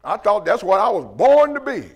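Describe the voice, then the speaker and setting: Gravelly high-voiced male preacher. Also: big pitch swings, a little fast. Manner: emphatic, repetitive "you know what I mean", stammering restarts. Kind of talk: sermon testimony.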